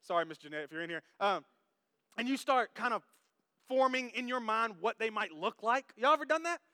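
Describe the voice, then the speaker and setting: A man preaching a sermon to his congregation, animated and jokey, who talks straight to the crowd. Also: extremely high pitch, a little fast, dry recording, studio quality. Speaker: pastor. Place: church service.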